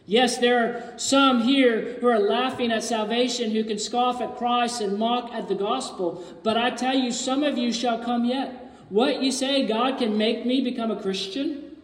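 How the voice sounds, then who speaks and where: High-voiced man preaching in an echoey hall. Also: steady tone, unhurried. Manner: earnest, emphatic, repeats key phrases. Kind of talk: sermon. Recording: echoey hall, mic far from speaker.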